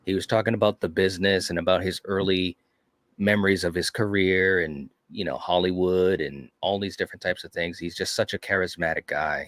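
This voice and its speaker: A man's voice: low voice, dry recording, clean studio sound. A man co-hosting a casual chat, telling stories with enthusiasm and lots of "you know". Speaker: podcast co-host.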